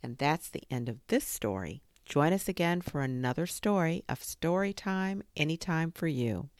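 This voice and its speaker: A woman reading a children's story aloud as a storyteller, expressive and dramatic in her pacing. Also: low-pitched, normal speed, no room sound, clean studio sound.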